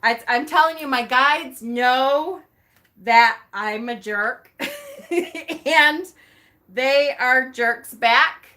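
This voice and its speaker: Speaking very slowly in a high voice, this female vlogger tells the story of her day. She keeps it casual and animated, often laughing and playing out her own reactions.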